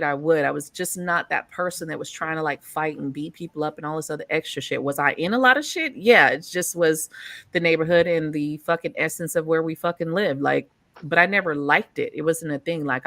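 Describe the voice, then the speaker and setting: A woman hosting a casual chat, telling stories in an animated, profane way and laughing often. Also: low voice, brisk, no echo. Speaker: host.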